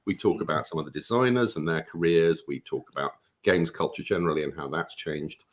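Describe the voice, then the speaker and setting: A man, a guest author on a live stream, talking about his book in a relaxed, jokey way. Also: a bass voice, fairly quick. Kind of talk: casual live-stream chat.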